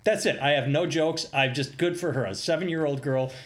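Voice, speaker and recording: A man's voice: fairly high pitch, fairly quick, a little hiss or hum. A man co-hosting a podcast, telling news stories in a loose, joking way and laughing often. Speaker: podcast co-host. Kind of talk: casual podcast chat.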